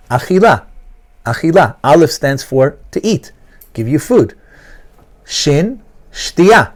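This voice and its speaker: Animated rabbi teaching a class. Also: male voice, fairly high pitch. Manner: animated, asks students questions, repeats key phrases. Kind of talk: classroom Torah lesson.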